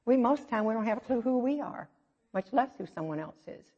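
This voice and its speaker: A woman's voice: on the high side, fast, husky. Chatty middle-aged woman preaching in a hall. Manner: chatty, self-mocking storytelling with lively asides. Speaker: church speaker. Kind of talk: conversational sermon. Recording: dull, echoey hall recording.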